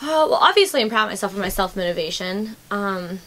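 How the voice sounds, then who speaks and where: A woman's voice: medium pitch, animated, fast talker, fairly bright tone. A young adult woman hosting a casual podcast, telling stories animatedly and swearing freely. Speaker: podcast host. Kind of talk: casual chat, storytelling.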